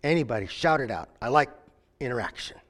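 A man's voice: medium pitch, animated, brisk, fairly bright tone. Preaching man in a reverberant hall. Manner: questions the audience and invites answers; tells stories, acting out voices. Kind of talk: interactive sermon.

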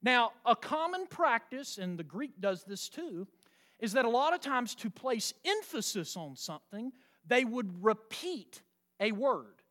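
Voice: medium pitch, big pitch swings, a little slow, fairly bright tone. A preacher giving an emphatic sermon, often asking the listeners rhetorical questions in a folksy, teasing way.

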